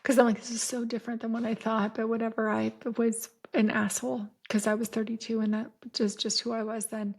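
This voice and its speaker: Profane woman storyteller, flat high voice. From San Diego, California. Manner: profane, rambling, frequent "like" fillers. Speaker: podcast host. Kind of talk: casual storytelling.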